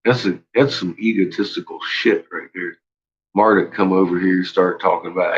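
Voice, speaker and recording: A man's voice: low voice, fairly even intonation, moderate pace, muffled recording. A man rambling through a profane, laugh-filled solo monologue. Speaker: channel host.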